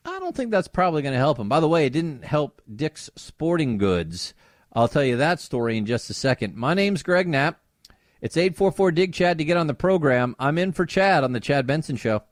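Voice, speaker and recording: A man filling in as a talk radio host speaks in a fairly high, expressive voice at normal speed, recorded cleanly in a studio with no room sound. He delivers sarcastic commentary and mocks opponents by putting on voices.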